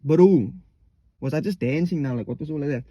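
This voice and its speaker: A man's voice: on the high side, brisk, noisy background. A young man from Cape Town with a Cape Town South African accent, rambling casually and acting out street dialogue. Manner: rambling, acts out street dialogue, many "like" fillers. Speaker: vlogger. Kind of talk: casual explainer.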